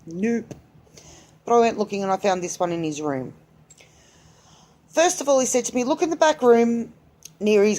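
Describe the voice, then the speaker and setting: A woman's voice: mid-range voice, a little mellow. Candid rambling woman vlogger. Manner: rambling, self-interrupting, candid. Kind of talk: casual solo vlog chat.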